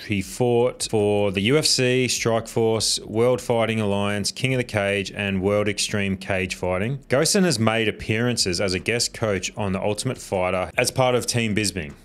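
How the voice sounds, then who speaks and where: A man hosting a casual commentary video, telling a story in a chatty, animated way. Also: on the low side, normal speed, few pauses. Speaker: host.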